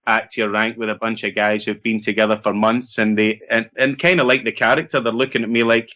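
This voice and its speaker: Bright-voiced Scottish man telling stories. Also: fairly low pitch, brisk. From Scotland. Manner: animated anecdotes with laughter and acted-out quotes. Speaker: actor guest. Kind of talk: casual interview storytelling.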